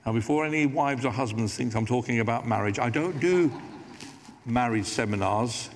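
A man's voice: medium pitch, normal speed. A man preaching a sermon as pastor, talking conversationally with asides and light humor. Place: large church. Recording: hall reverb.

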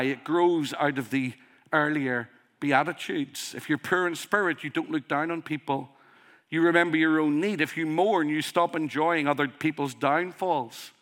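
A male preacher with a strong accent delivers his sermon at an unhurried, measured pace. His voice sits a little high and rings bright and forceful. He leans on rhetorical questions and earnest emphasis. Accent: strong accent he calls a dialect.

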